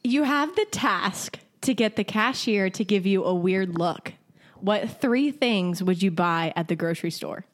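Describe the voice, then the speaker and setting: A woman's voice: mid-range voice, lively intonation, a little slow. A woman hosting a casual family game chat, giggling often as she moves things along. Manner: giggly, laughs often while running the game. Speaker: podcast host.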